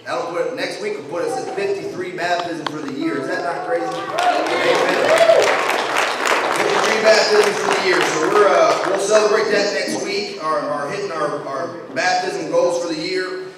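A male pastor preaching in a joking, conversational way, his voice sitting high for a man. He is heard from well back in a big hall, the long reverb washing around every line. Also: very animated, moderate pace, a loud crowd, very noisy. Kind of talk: sermon. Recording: echoey hall, mic far off.

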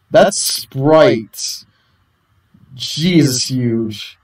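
A man's voice: medium pitch, expressive, drawn-out words, pauses often. A man giving casual gameplay commentary as host of a let's play, blunt and swearing, laughing at the game. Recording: echoey, distant from the mic.

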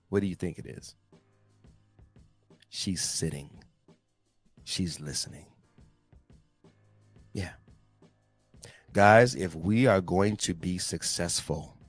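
A man hosting a casual motivational talk, reading scripture and speaking to listeners in slangy, emphatic bursts. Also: deep voice. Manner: slangy, emphatic, addresses listeners directly as guys. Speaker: motivational host.

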